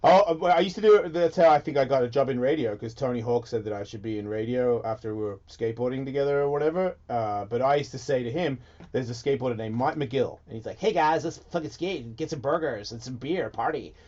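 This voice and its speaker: A man hosting a radio talk show in casual chat, animated and excitable, swearing freely. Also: medium pitch, quick pace. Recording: dull lo-fi broadcast audio.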